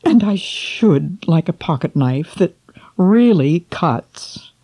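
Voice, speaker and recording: A woman's voice: lowish voice, lively intonation, takes it slowly, dark tone, slightly rough, full character voice. A woman voicing a lonely, selfish old king who lists his wishes in a wistful, childlike way, in a storybook reading. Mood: pleading. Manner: childlike, wishful listing of wants.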